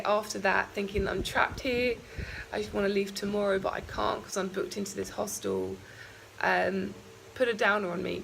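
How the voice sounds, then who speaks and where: A young woman talking candidly in a casual travel vlog, in a croaky morning voice, rambling with fillers. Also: medium pitch, a bit bright, slight background noise, rough recording. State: out of breath from walking uphill. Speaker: travel vlogger. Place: outdoors walking on a hilly island road.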